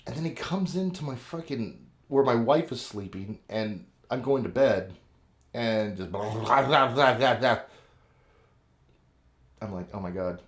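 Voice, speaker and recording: A man's voice: medium pitch, unhurried. A man, a show regular with kids, telling a rambling, swear-filled story in casual chat and acting out what people said. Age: adult with kids. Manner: profane, animated storyteller, acts out quotes. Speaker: podcast co-host.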